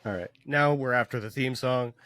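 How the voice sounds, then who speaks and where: A man co-hosting a podcast, chatting casually with friends and telling stories with an animated, laughing manner. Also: medium pitch, moderate pace, crowd noise. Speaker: podcast host. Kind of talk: casual chat among friends.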